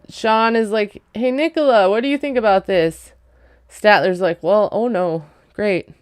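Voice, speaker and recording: Wry, chatty woman with a crisp voice. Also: medium pitch, no room sound, studio quality. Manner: chatty and wry, with frequent ums and likes. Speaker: reality TV recap vlogger. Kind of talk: casual recap commentary.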